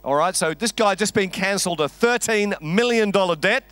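A man's voice: high voice, moderate pace, fairly bright tone, dry recording. A man preaching a sermon, telling a story with a wry, conversational humor. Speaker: pastor.

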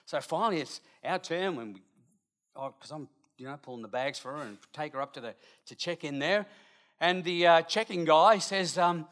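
A middle-aged man, telling a lively, chatty anecdote to an audience with asides along the way. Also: on the high side, brisk. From Australia. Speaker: storyteller.

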